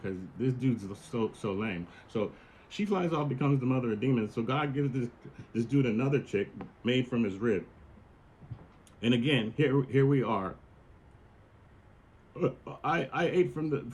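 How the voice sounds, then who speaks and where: A man's voice: medium pitch, darkish tone, slight background noise. A man hosting a podcast, retelling a story in a casual, profane, slangy monologue. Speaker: podcast host.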